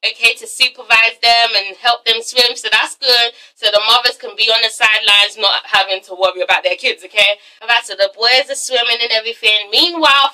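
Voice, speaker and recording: A woman's voice: a little high, bright, forceful tone, recorded from a distance, rough recording. A young woman giving a blunt, swear-filled casual commentary review, often tagging her points with "okay?". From England. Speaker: reality TV reviewer.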